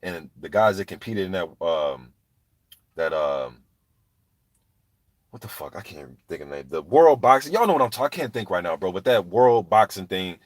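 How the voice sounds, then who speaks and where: A man's voice: low voice, lively intonation, moderate pace, no room sound. A man ranting heatedly and profanely about boxing, talking straight to viewers in a live chat. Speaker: boxing commentator. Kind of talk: ranting live stream commentary.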